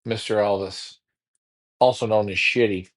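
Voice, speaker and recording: A man's voice: fairly low pitch, fairly even intonation, measured pace. A man hosting a pigeon racing show in casual talk, taunting a rival with repetitive trash talk.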